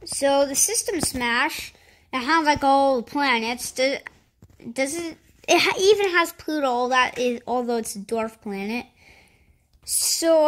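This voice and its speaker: A woman giving casual commentary over a space game, thinking aloud with lots of fillers and sudden excited outbursts. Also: sits high. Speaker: gameplay commentator.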